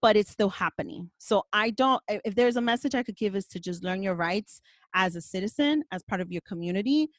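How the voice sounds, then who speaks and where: A woman's voice: medium pitch, fairly quick, dry recording. A woman hosting a podcast, talking in a passionate, emphatic way and swearing now and then. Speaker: podcast host. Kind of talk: casual podcast conversation.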